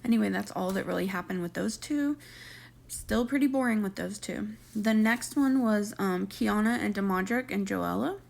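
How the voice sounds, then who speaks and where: A woman's voice: mid-range voice, creaky. A young woman casually recapping a reality show episode, chatty and opinionated with gossipy asides.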